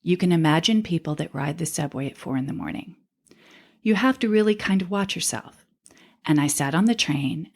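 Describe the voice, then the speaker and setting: Woman podcast co-host, slightly low voice, relaxed storyteller who reads an account aloud. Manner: reads a transcribed story aloud, laughing easily. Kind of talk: casual storytelling chat.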